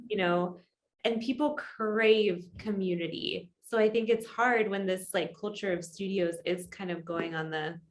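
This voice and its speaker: A woman's voice: mid-range voice, steady tone, measured pace. A woman, a yoga teacher and musician, talking candidly and at length as an interview guest. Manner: candid, rambling, thoughtful. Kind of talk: casual interview chat.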